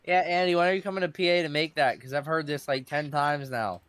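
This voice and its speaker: A man's voice: fairly high pitch, steady tone, fairly quick, a bit bright, clear, resonant tone. A man co-hosting a podcast, easygoing and emphatic in casual chat. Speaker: podcast co-host.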